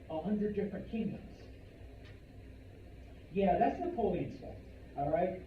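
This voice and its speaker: A man's voice: fairly high pitch, a little hiss or hum. A man teaching a history class in a casual lecture style, with frequent "okay?" check-ins. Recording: roomy, distant, dull classroom recording.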